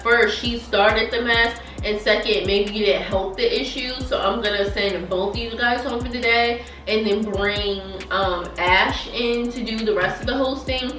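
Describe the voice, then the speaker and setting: A young woman telling a story on her vlog while eating, in an animated, slangy, emphatic way. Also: medium pitch, moderate pace, few pauses, echoey room, distant mic, faint music behind, low-quality recording. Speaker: vlogger.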